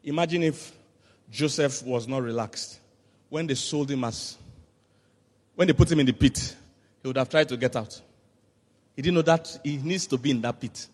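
A man preaching a sermon as pastor, telling animated stories with laughter and sudden shouts. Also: mid-range voice, moderate pace, long pauses. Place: church hall. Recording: long hall reverb.

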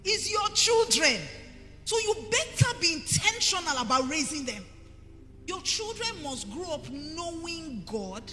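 A high-voiced Nigerian woman pastor preaches with a bright, sharp edge and swings her pitch widely. Her emphatic delivery rings through a reverberant church hall. Faint music plays underneath. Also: sing-song, a little slow. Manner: emphatic, rising to forceful preaching. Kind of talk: sermon.

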